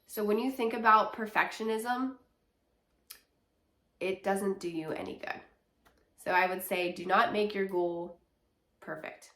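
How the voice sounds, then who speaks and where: A woman talking from her couch at home, slightly nasal and congested, with a mid-pitched voice. She chats in an encouraging, filler-heavy way. The room gives her voice a noticeable echo. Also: fairly even intonation, measured pace, long pauses, a bit bright. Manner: chatty and encouraging, with many fillers. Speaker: teacher and health coach. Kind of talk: casual talking-head advice vlog.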